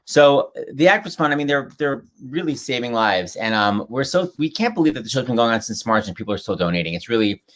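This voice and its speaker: Male host, playful and rambling, lively swooping pitch, video call. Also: fast, hardly any pauses, slight background noise. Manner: joking, rambling, teasing. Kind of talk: casual chat.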